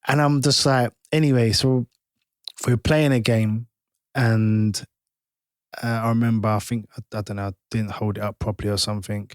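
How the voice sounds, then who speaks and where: A man, a podcast guest telling stories from his playing days in an animated, halting way full of restarts. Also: lowish voice, dry recording, clean studio sound. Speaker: podcast guest, former footballer. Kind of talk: casual storytelling.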